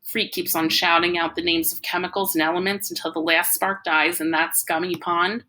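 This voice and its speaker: A woman reading a novel aloud, giving a lively first-person narration. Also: lowish voice, moderate pace. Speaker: audiobook reader.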